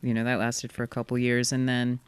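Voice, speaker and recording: A woman guest talks about her past work in a relaxed, frank manner with casual swearing. Her voice is smooth and resonant. The recording is close and dry. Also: extremely low pitch, fairly quick, no room sound. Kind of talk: casual chat.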